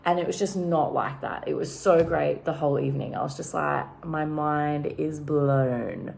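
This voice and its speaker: A woman's voice: low-pitched, normal speed, vocal fry, darkish tone, slight background noise. An Australian woman vlogging casually at home, telling a rambling story full of fillers. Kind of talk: casual chat vlog.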